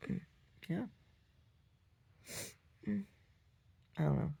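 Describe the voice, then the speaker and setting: A woman's voice: deep voice, extremely slow, creaky, warm tone, slightly rough, highs cut off. A woman artist telling a rambling, profane story in a casual vlog, full of restarts. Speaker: conceptual artist.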